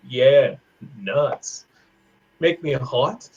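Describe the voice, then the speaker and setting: A man teaching an online English class on idioms, playful, laughing often and repeating phrases slowly. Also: fairly high pitch, big pitch swings, breathy edge, dull audio. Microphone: video call.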